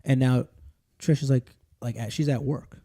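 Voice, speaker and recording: A man hosting a podcast, telling a personal story in casual, animated and profane chat. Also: medium pitch, normal speed. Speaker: podcast host.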